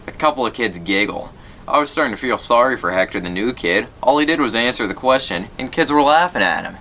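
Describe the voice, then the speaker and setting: A man's voice: on the low side, animated, fast, pushed and bright, slight background noise. A man reading a children's novel aloud, telling the story plainly and voicing the characters lightly. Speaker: reader.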